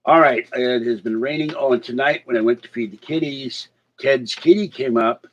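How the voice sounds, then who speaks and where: A man's voice: medium pitch, moderate pace, fairly bright tone. A man vlogging in a casual, rambling way, chatting and complaining about his day. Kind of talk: casual chat to camera. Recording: slightly dull lo-fi sound.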